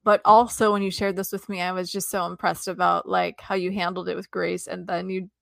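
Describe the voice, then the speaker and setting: A woman with a gravelly, creaky edge to her voice cheers on her co-host. The sound is dry and close, with no room around it. She talks in an encouraging, conversational way. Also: fairly low pitch, flat delivery, fairly quick, fairly bright tone, no room sound. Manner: encouraging, supportive. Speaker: podcast co-host. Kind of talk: casual chat.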